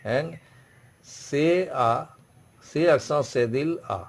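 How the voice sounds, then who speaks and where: Gravelly-voiced man teaching a class. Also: mid-range voice, a little mellow. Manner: repetitive, explains slowly with many restarts. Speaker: French teacher. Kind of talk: classroom lecture.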